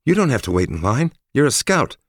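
A man's voice: mid-range voice, sing-song, a little fast, slightly rough, dry recording, studio quality, voice pushed up. A man reading an audiobook and voicing a young female scout who talks in a confident, instructive way. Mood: brisk. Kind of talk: audiobook character voice.

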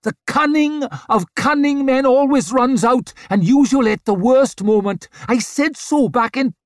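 A man voicing a panicky male warrior who shouts bitterly. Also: very high-pitched, measured pace, dry recording, clean studio sound, pitched above the performer's own voice.

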